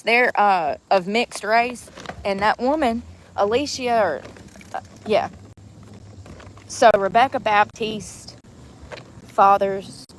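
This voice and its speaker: A woman's voice: medium pitch, creaky, low-quality recording. A chatty woman talks into her phone as she walks through a lakeside park. She laughs often, leans on y'all, and gets a little out of breath on the hills. Faint outdoor noise sits behind her voice. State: out of breath while walking uphill. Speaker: vlogger. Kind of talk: casual vlog chat. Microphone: phone held while walking.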